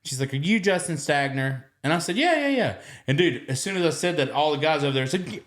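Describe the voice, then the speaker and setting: A man with a Southern US accent, hosting a podcast and telling stories in casual chat, animated, swinging between loud and soft. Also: fairly high pitch, fast talker. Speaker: podcast host.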